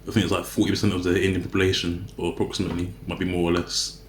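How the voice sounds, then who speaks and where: Talking to the camera while he eats, a man vlogs in a loose, chatty, rambling manner, regularly correcting himself mid-sentence. His low, level voice comes rapid-fire, and the reverberant recording has a little hiss or hum.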